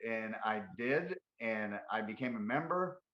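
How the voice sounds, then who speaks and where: A man's voice: lowish voice, a little slow, echoey room, dull audio. A man on a call, animatedly telling a story and acting out the dialogue in it. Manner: animated, acts out quoted dialogue. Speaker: caller giving a testimonial. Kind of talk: casual storytelling.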